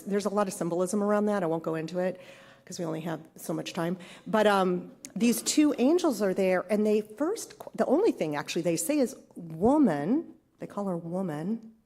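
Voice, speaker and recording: A woman's voice: medium pitch, animated, normal speed, dark tone. A middle-aged woman giving a conversational, reflective sermon as a spiritual leader, often asking her listeners questions.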